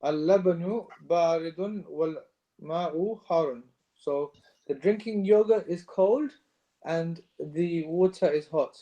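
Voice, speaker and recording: A man's voice: a little high, slow pace, dark tone, highs cut off. A man, a student, reading sentences aloud and translating them tentatively, sometimes asking questions.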